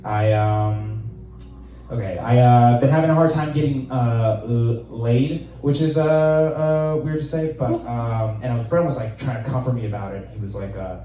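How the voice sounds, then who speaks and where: A man in his twenties doing a stand-up set in a small club, deadpan and rambling, with lots of fillers. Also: mid-range voice, moderate pace, heavy reverb, far from the mic, muffled recording, slight background noise. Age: 20s. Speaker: stand-up comedian.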